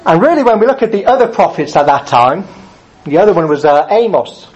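Chatty preacher, lo-fi recording. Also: male voice, sits high, a little fast. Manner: conversational, animated, acts out angry drivers. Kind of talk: sermon. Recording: dull lo-fi sound.

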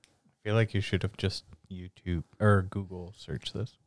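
A man's voice: low voice, little pitch movement, measured pace, no room sound. A man co-hosting a casual chat, chiming in with short, laid-back replies.

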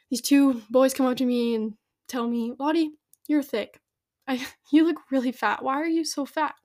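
Giggly young woman telling her story. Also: on the high side. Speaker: guest. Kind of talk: casual podcast chat.

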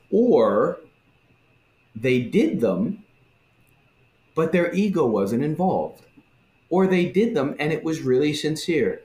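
A man in a casual religious discussion who talks in an animated way and acts out the voices he quotes. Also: medium pitch. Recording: roomy echo.

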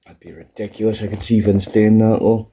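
A young Scottish man co-hosting a podcast in casual chat, deadpan and jokey, spinning absurd scenarios. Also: fairly low pitch, fairly quick, noisy background. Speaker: podcast co-host.

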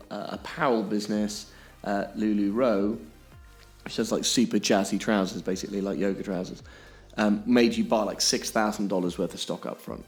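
A man with a fairly low voice, co-hosting a podcast. He explains things emphatically and keeps checking that his listener is following. Faint music plays underneath. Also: a little mellow. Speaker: podcast co-host.

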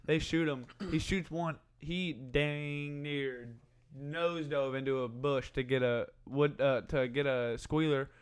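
A man's voice: mid-range voice, fairly even intonation, slow, clear, resonant tone. A young man casually telling rambling hunting stories among friends, laughing often.

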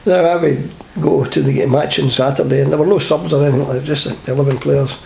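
A man's voice: on the high side, steady tone, fast talker, gravelly, dark tone, a little hiss or hum. An older man with a Scottish accent, a former footballer telling humorous anecdotes in an interview and laughing along. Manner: chatty, humorous, laughs at his own stories. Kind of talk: anecdotal storytelling.

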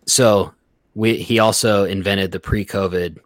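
A man telling workplace stories in a casual, profane, animated way. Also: low-pitched, unhurried, no echo. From Reno area, Nevada. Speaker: podcast guest. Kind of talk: casual storytelling.

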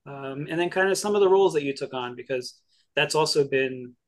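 A man hosts a podcast and asks long, rambling questions. He stops and starts often as he works his way to the point. His voice sits somewhat high for a man. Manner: meandering, halting questions. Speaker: podcast host. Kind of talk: casual interview chat.

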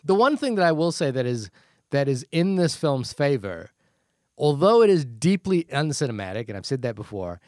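A man's voice: medium pitch, big pitch swings, moderate pace, darkish tone, no echo, clean studio sound. A man with a New Zealand accent co-hosting a casual movie podcast, laughing often and talking in restarts. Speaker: podcast co-host.

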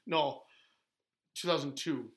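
A man's voice: fairly high pitch, slow pace. A man, a former pro wrestler, rambling through stories in casual podcast chat with lots of fillers and laughter.

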